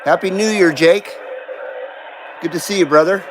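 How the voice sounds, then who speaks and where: Host: relaxed, profane, high-pitched man greeting viewers one by one, faint hiss behind. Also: normal speed. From Southern California. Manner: laid-back, profane, greets viewers by name. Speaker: host of a live CB radio stream. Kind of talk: casual live-stream chat greeting viewers. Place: home in Carson City.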